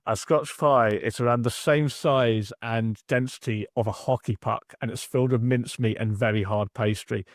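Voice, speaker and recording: A relaxed man with a London accent chats as a guest on a podcast. His voice sits at an ordinary pitch and is recorded dry and close. He often answers with an easy yeah. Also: moderate pace, hardly any pauses, dry recording. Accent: London English. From England. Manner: laid-back, frequent agreeing "yeah". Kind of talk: casual chat.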